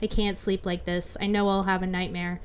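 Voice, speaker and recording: A woman voicing a lonely, frightened young girl from a game, reading softly and wistfully. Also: lowish voice, level tone, moderate pace, slight background noise, voice pushed down, natural voice. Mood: lonely, afraid.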